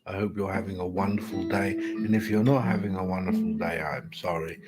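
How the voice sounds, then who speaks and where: Over loud music, this British tarot reader keeps his live stream brisk, speaking in a deep voice with a steady tone. He chats casually, and his humour is dry and self-mocking.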